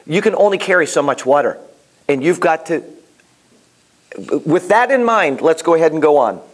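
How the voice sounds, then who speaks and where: A man teaching a Bible class in a casual, animated way, telling stories and often restarting his sentences. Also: a little high, normal speed. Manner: animated, storytelling, repeats himself, many restarts.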